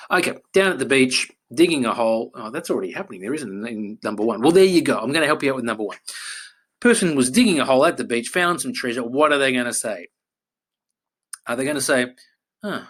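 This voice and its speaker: A man talks in a middle-pitched voice as a primary school teacher going over a grammar lesson. He is relaxed and chatty, with ums and quick self-corrections. He breaks now and then into a loud, high burst to act out an exclamation. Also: husky. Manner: jumps high and loud when acting out exclamations.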